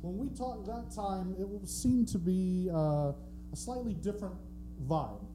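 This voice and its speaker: A man's voice: high voice, lively intonation, a little slow, over music. A man co-hosting a live podcast on a theatre stage, asking questions in a jokey, upbeat way. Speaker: co-host.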